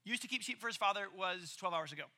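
A male preacher with an unusually high voice tells a sermon like a story. His tone is very bright and sharp, and he keeps it conversational and animated. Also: fast talker. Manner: lively, conversational, acts out quoted characters.

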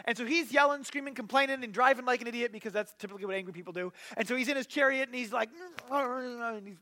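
Bright, high-voiced man preaching casually. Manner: casual, animated retelling with filler words. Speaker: pastor. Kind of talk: sermon storytelling.

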